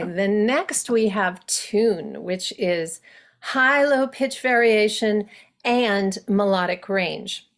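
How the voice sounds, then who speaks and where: A woman dialect coach teaching an acting workshop, explaining in a measured, explanatory way. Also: mid-range voice. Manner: measured, explanatory, with brief demonstrations.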